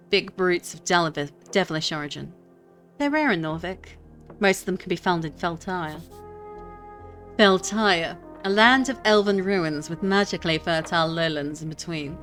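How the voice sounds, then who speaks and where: A young woman reads a game aloud on stream with a bright, forward voice. She chats with viewers between the lines in a loose, self-deprecating ramble. Her tone stays easy and conversational. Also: fairly low pitch, moderate pace, soft background music.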